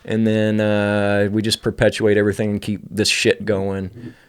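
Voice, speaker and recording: A man's voice: fairly low pitch, completely flat delivery, normal speed, smooth. A man hosting an uncensored podcast, ranting angrily and swearing constantly. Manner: angry, profane ranting. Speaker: podcast host.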